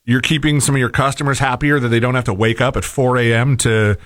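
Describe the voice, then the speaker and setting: A man co-hosting a talk show, chatting casually in a relaxed, hesitant way. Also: mid-range voice, quick pace, no echo, clean studio sound. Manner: relaxed, hesitant, many fillers.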